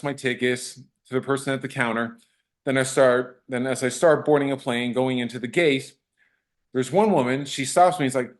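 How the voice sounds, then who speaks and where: Actor guy chatting in an interview, keeps acting out what people said, lots of restarts. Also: medium pitch. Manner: animated retelling with acted-out quotes and restarts. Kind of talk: casual storytelling in an interview.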